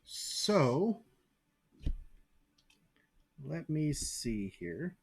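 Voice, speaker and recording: A man's voice: on the high side, big pitch swings, extremely slow, breathy edge. Matter-of-fact man reading out dice rolls. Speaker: player. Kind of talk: casual tabletop play.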